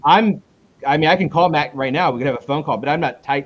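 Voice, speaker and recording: Interviewed in a casual chat, a male comic book creator talks fast, rambling and restarting himself, with his pitch leaping up whenever he retells a conversation. The recording sounds muffled.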